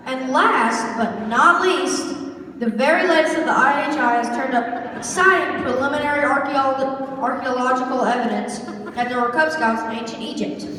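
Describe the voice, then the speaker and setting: A woman's voice: sits high, moderate pace, bright, forceful tone, a little hiss or hum. A woman playing a pompous, self-important male announcer in an amateur stage skit, speaking in a mock-authoritative tone, heard from far off in an echoey hall.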